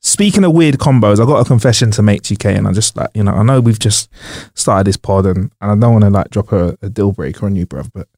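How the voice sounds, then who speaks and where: A man's voice: lowish voice, fast talker, darkish tone, no room sound, studio quality. A man co-hosting a casual podcast, rambling with many fillers and hesitations. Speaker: podcast co-host.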